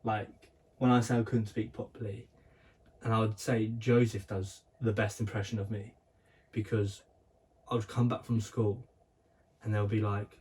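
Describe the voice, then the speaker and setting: A man's voice: fairly low pitch, little pitch movement, moderate pace, pauses often, darkish tone, far from the mic. A young man co-hosting a casual podcast, telling stories in a rambling way with lots of fillers and restarts. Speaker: podcast co-host. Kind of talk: casual chat.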